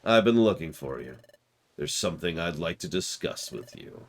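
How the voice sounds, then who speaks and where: A man's voice: deep voice, lively intonation, moderate pace. A man doing a bossy parrot assistant. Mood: businesslike. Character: fussy male parrot guild assistant, bossy.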